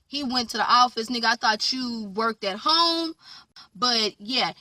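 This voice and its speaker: A woman recapping a TV episode in casual chat, animated and sassy, talking back to the characters. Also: medium pitch, distant mic. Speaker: TV recap vlogger.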